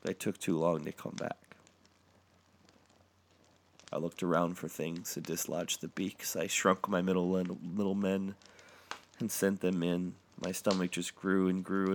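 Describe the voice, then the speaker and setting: A man reading a dark comic story in the first person, with a deadpan delivery. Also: sits low, a little hiss or hum.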